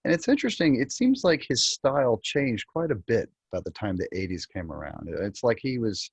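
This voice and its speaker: A man's voice: sing-song, normal speed, vocal fry, slightly rough, no echo. A man hosting a talk show, asking long, loosely phrased questions in casual chat. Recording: dull, dry low-fidelity audio.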